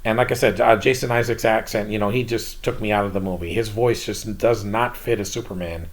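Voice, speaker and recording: A man's voice: lowish voice, fairly even intonation, brisk. A man hosting his own channel, giving a casual, blunt and rambling movie review.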